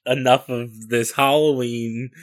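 A man's voice: mid-range voice, fairly even intonation, takes it slowly, dry recording, clean studio sound. A man playing a tabletop game, laid-back and joking as he describes his character's actions. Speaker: player.

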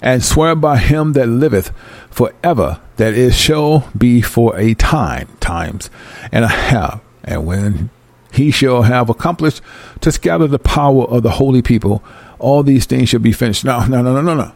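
A man reading scripture aloud and breaking into fervent, emphatic commentary, talking excitedly like a Bible teacher. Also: mid-range voice, dry recording. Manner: reads verses then breaks into fervent commentary; emphatic, animated, apologizes for going fast. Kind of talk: excited scripture study talk.

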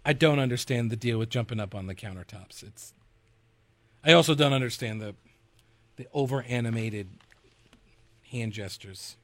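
A man's voice: mid-range voice, normal speed, long pauses, no room sound. A man hosting a talk radio show, rambling loosely and sarcastically with fillers and chuckles. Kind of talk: casual political talk radio with host-read ad.

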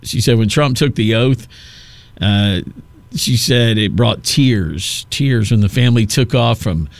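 A man's voice: mid-range voice, measured pace, creaky, no echo. Sarcastic male talk radio host, dry studio sound. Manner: mocking, sarcastic. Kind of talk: opinionated talk radio monologue.

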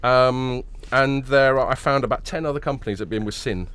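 Clean in tone and a bit bright, the medium-pitched voice moves fairly quickly as this podcast host chats casually. A late night has left him nasal and tired, so he rambles and jokes with frequent fillers and restarts.

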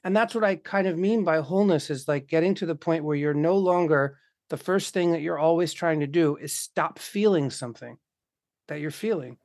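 Impassioned, swearing man with a higher voice. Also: normal speed, darkish tone, no echo, studio quality. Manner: impassioned, swears often, acts out quoted voices. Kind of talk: casual conversation.

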